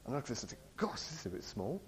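A man telling a personal story in an animated way. He laughs often and acts out the voices of the people he quotes. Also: mid-range voice, racing, poor audio. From England. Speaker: speaker sharing a personal testimony. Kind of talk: storytelling talk.

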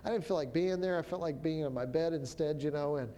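A minister telling a story of prophesying over people, in a relaxed conversational way that often stops and restarts. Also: mid-range voice, fast, slight background noise. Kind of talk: storytelling testimony.

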